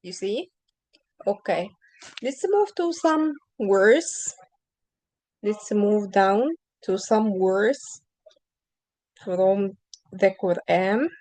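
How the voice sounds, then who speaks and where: Woman, reading teacher on a video call, patient and questioning, very unhurried delivery, dry close sound. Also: medium pitch, lively intonation, a little mellow, no echo, poor audio. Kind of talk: online one-on-one lesson.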